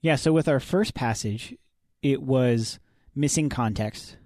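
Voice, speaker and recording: A man's voice: medium pitch, slow pace, darkish tone, dry recording, clean studio sound. A man co-hosting a faith podcast, talking through Bible passages in a conversational, explanatory way. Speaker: podcast co-host. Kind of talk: casual faith podcast discussion.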